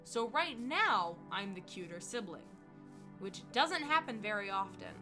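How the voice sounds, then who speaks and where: A young woman streamer telling a rambling, animated story while she plays a game at home. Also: medium pitch, unhurried, over music. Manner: chatty, rambling, animated retelling. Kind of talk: casual storytelling while gaming.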